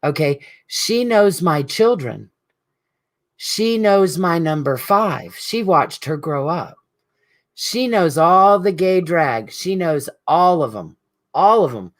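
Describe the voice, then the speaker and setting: A middle-aged speaker with a mid-range voice and lively intonation talks slowly at a support group meeting. It's an emotional, rambling, heartfelt tribute addressed directly to a friend who isn't there.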